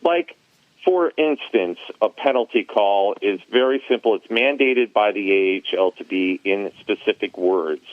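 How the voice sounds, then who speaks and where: A man in casual podcast chat, an animated storyteller recalling his years as an arena announcer. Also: lowish voice, measured pace, dry recording. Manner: animated storyteller, laughs at his own tales. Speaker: former arena announcer, guest. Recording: tinny phone line, dry.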